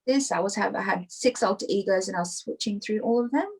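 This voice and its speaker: A woman's voice: medium pitch, quick pace, a little mellow, husky, rough recording. A young adult woman talking openly as a podcast guest, rambling and filling her talk with "like" and "you know". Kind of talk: casual interview chat.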